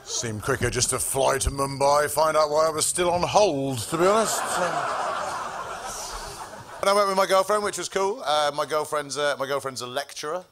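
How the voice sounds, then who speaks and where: A man's voice: fairly high pitch, normal speed. A man doing a stand-up comedy set on a club stage, telling stories in a dry, sardonic way with profane punchlines. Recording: live club with audible room noise.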